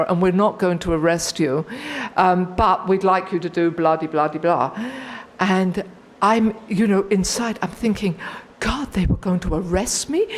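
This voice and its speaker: A woman in her sixties telling a personal story at a recovery meeting, animated and acting out her own thoughts. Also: mid-range voice, a little hiss or hum. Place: meeting hall.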